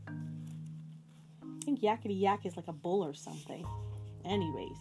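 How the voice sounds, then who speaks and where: A woman's voice: mid-range voice, expressive, measured pace, long pauses, over music. A woman reading a picture book aloud at home to her child, playful and chatty, pointing things out on each page.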